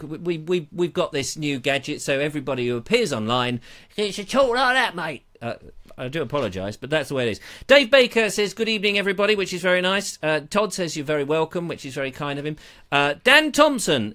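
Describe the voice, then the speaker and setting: A man's voice: on the high side, pushed and bright. Jokey man hosting a live show. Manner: jokey, playful, digressive. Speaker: host of a live online show. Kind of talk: rambling live-stream chat. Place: small studio. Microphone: lapel mic.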